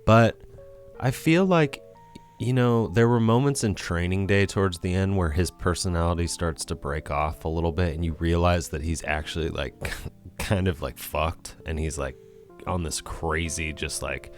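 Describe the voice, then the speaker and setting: A man's voice: low voice, normal speed, soft background music. A man co-hosting a movie podcast, musing at length with many fillers and the odd swear. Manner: rambling, filler-heavy, swears. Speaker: podcast co-host. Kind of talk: casual film discussion.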